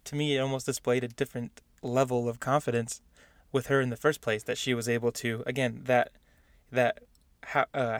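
A man's voice: mid-range voice, dry recording. A man co-hosting a casual podcast chat, talking loosely with frequent restarts and easy laughter. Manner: chatty, laughs often, many restarts. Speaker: podcast co-host.

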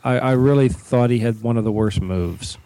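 A man's voice: mid-range voice, normal speed, dark tone, poor audio. A man co-hosting a podcast, recalling things in a rambling, chuckling way during casual chat. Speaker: podcast co-host.

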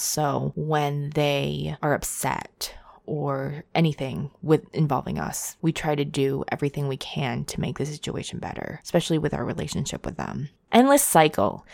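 Low-voiced woman, candid and profane. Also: creaky, a little mellow, dry recording. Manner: candid and profane, frequent tangents and laughs. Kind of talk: casual monologue.

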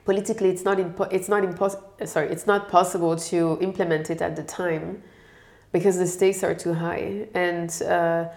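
A woman gives thoughtful, explanatory answers as an interview guest, her voice pitched a little low. The sound is roomy and echoey around her. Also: little pitch movement, normal speed, vocal fry, a little mellow. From France. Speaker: guest expert. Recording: echoey room.

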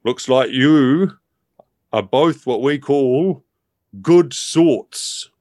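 A man voicing a big, kindly teddy bear that speaks with a slow, folksy drawl. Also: medium pitch, darkish tone, dry recording, studio quality. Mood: approving.

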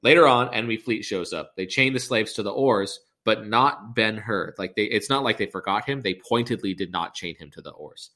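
A man's voice: fairly low pitch, moderate pace, few pauses, sharp tone. A man hosting a podcast, retelling a film in a rambling, sarcastic and profane way. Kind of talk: comedic film recap.

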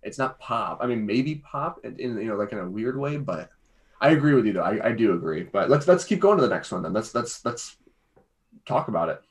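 Rambling man with a lively voice. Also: lowish voice, a little fast. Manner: rambling, self-interrupting, jokey. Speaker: podcast co-host. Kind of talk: casual music review chat.

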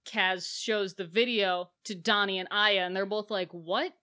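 A woman's voice: mid-range voice, a little slow. A woman co-hosting a podcast, recapping a film in casual chat and acting out the characters' lines. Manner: animated, acts out characters' lines. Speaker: podcast co-host.

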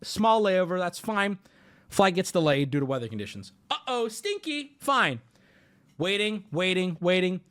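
A man streamer telling a story casually to his audience, animated, profane and exaggerated. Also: high voice, normal speed.

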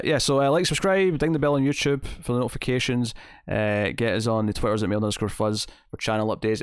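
A man's voice: lowish voice, dry recording, clean studio sound. Enthusiastic rambling male podcast host. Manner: enthusiastic, rambling, many restarts. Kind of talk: casual TV recap chat.

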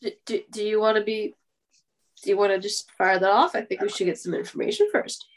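A woman's voice: mid-range voice, very animated, a little fast, a crowd in the background. A woman playing in a tabletop role-playing game, talking casually and repeating herself as she thinks. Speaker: player.

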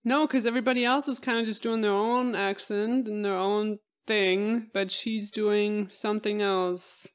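A woman's voice: medium pitch, steady tone, a little slow, hardly any pauses. A woman with a mid-range voice chats on a podcast. She talks eagerly and casually, laying out plot points as she goes. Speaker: podcast co-host. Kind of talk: casual movie-discussion chat.

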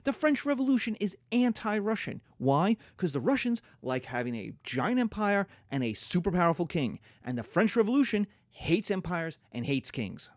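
Animated man lecturing on history. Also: sits high, moderate pace, few pauses, dry recording, clean studio sound. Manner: playful, acts out nations in silly voices.

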